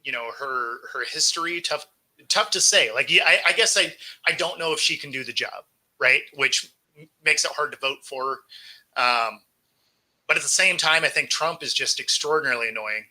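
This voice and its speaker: A man in casual chat, wry and quick to laugh, rambling through his points. His voice sits a touch high and sounds very bright and sharp. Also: low-quality recording.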